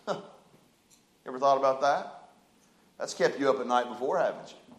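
A pastor preaches in a notably high voice. He fires off rhetorical questions, dropping to near-hushed asides before rising into loud cries. The sound rings through a reverberant church room. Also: moderate pace, long pauses. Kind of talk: sermon. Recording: echoey room.

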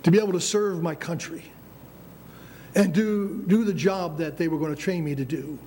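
A man's voice: a little high, fairly even intonation, moderate pace, mellow, slight background noise. An older American man preaching a sermon, emphatic, with frequent restarts and calls of "Amen?". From United States.

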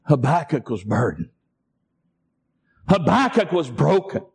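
A man's voice: on the high side, big pitch swings, unhurried, gravelly, a little mellow, breathy edge. A man preaching a sermon and calling for responses from his congregation. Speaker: pastor.

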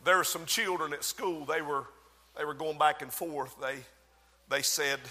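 A man preaching a sermon and praying, dramatic in delivery, swelling loud and dropping soft, slowing down to stress key words. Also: on the high side. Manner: dramatic, swells and drops in loudness, slows for emphasis. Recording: long hall reverb.

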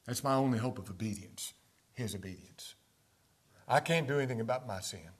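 Guy preaching hard, loud punchy bursts then quiet low bits, lots of rhetorical questions, mid pitch. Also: animated, brisk, breathy edge. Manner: impassioned, swinging between loud emphatic peaks and quiet low asides; rhetorical questions, King James quotations. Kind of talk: sermon.

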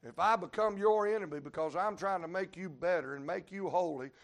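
A male preacher delivering a revival sermon, storytelling in a folksy way and breaking into sudden shouts. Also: high voice, a little fast, gravelly. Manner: preaching with sudden shouted peaks and Southern folk sayings.

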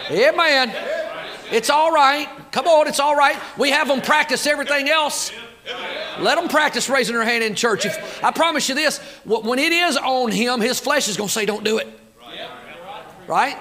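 A man's voice: very high-pitched, moderate pace. A man preaching a sermon, fired up and folksy, talking back and forth with the crowd. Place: church auditorium.

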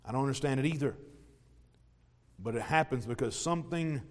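A pastor giving an emphatic sermon. He repeats phrases and swings between loud, stressed lines and quiet asides. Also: medium pitch, fairly quick. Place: church sanctuary. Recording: long hall reverb.

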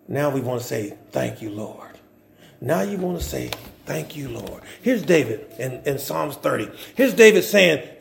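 High-pitched, gravelly male preacher. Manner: repetitive, stumbling restarts, call-and-response asides to the congregation. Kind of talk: sermon.

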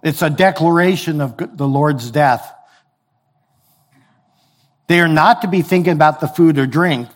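Male pastor, sermon delivery, relaxed conversational teaching voice, a touch high. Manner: conversational, explains with everyday examples and reads scripture aloud.

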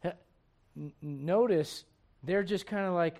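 A man's voice: high-pitched, animated, moderate pace. A man preaching a sermon in an impassioned, conversational way, firing off rhetorical questions to his listeners.

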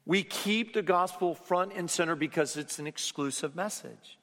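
A man preaching a sermon, rising to loud emphatic lines and then dropping to hushed, low endings. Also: normal speed. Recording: long hall reverb.

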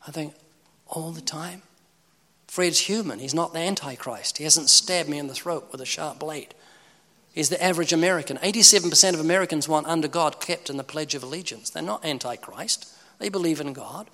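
An animated evangelist with a slightly high male voice talks a little fast. His preaching is humorous and built around dialogues he acts out. The recording has echoey reverb from a hall.

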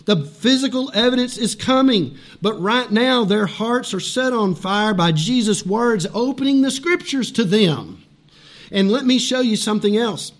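Expressive and a little slow, a male pastor with a high, bright voice preaches animatedly, laughing at his own points. He then falls into hushed intensity, repeating phrases for emphasis.

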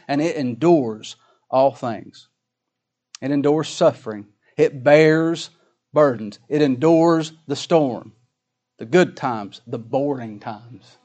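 A middle-aged man preaching a sermon, folksy, swinging from loud emphatic scripture reading to quiet asides. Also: mid-range voice. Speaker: pastor.

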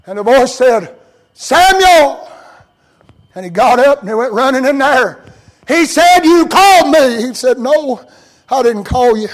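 A man preaching a sermon as a story, rising to cries and dropping to hushed tones. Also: very high voice, normal speed, low-quality recording. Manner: dramatic, swings between loud cries and hushed near-whispers.

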